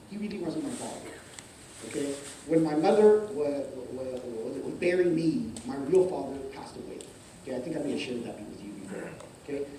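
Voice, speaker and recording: A man's voice: on the high side, a little hiss or hum. A man preaching a sermon as pastor, telling a personal story with lots of repeated words and "okay?" checks. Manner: repeats words and stammers, asks okay often; lively storytelling with acted-out scenes. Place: church hall. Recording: echoey hall from far off with faint ambience.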